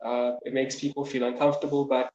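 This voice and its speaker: A man with a South African accent speaking in a measured way as a co-host guest, often repeating words while thinking. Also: mid-range voice, flat delivery, mellow, highs cut off. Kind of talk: reflective personal talk. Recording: roomy call audio with faint noise.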